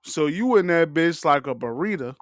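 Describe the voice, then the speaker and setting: A man's voice: a little high, lively intonation, moderate pace, no echo, studio quality. A man hosting a podcast, riffing in loose, profane, joking casual chat. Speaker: podcast host.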